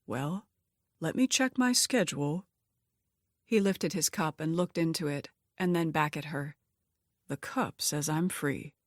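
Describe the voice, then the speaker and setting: A woman voicing an easygoing homeless man in an audiobook, speaking calmly and a touch lower. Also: measured pace, no echo, clean studio sound. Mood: teasing. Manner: calm, easygoing. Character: gentle teasing homeless man, adult.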